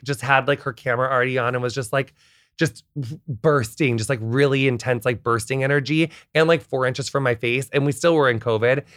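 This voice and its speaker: A man's voice: medium pitch, no echo, studio quality. An American man chatting as a podcast guest, telling stories in a rambling way full of fillers. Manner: rambling, full of "like", animated storytelling. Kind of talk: casual chat.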